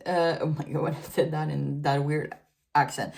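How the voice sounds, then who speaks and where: Chatty woman, lowish voice. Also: flat delivery, normal speed, gravelly, a little mellow. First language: French. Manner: chatty and giggly, loose filler-heavy talk. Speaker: tarot reader. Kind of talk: casual tarot reading.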